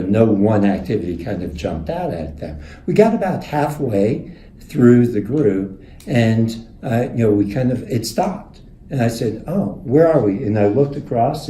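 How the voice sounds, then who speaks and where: A man teaching a leadership course, telling stories in a conversational, animated way and acting out the quotes. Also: on the low side, slight background noise. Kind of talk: recorded lecture with storytelling. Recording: echoey room.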